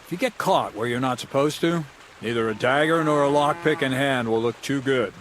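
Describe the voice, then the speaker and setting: A sly, scheming thief mentor voiced by a man in a medieval video game, talking in a wry, mocking, conspiratorial way. His voice sits mid-pitch, with a faint hiss of ambience behind it. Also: brisk, a bit bright, close to an everyday voice. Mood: instructive. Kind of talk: studio video game dialogue.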